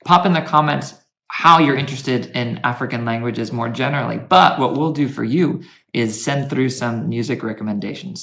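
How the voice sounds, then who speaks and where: American guy guest lecturer, laid-back chatty talk, gravelly, bit of room echo. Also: mid-range voice, a bit bright. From United States. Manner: easygoing, chatty, slow and thoughtful. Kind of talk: casual conversational talk.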